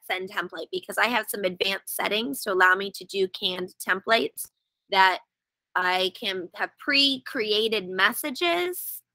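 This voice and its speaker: Bright-voiced woman teaching a webinar. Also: mid-range voice, dry recording, poor audio. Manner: chatty, wry, explains step by step. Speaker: educator running a webinar. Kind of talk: casual webinar tutorial. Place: outdoors.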